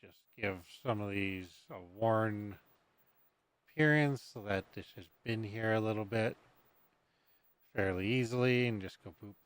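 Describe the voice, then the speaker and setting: Unhurried and smooth, his fairly low voice leaves long pauses, with no room sound. He's streaming a building game, muttering and humming under his breath as he works, giving loose, casual commentary to himself.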